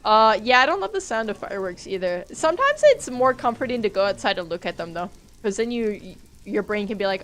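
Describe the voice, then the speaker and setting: Young female streamer, higher voice, jumpy and swears a lot, faint hiss behind. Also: very animated, a little fast, fairly bright tone. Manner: jumpy, swearing, talks to chat. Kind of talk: live gameplay stream chat.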